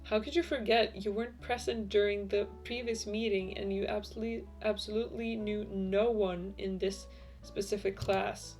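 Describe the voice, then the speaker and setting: Young woman reading a dating sim out loud, jokey asides, mid voice, soft guitar music behind. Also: medium pitch, fairly even intonation, normal speed. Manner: playful, reads the story text and adds joking asides. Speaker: gameplay streamer. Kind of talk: reading a visual novel aloud with commentary.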